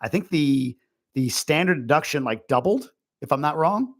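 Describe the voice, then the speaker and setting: A man's voice: a little high, lively intonation, moderate pace. Chatty, rambling man hosting a Q&A. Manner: chatty and rambling, many fillers and asides. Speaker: host. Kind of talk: casual livestream Q&A.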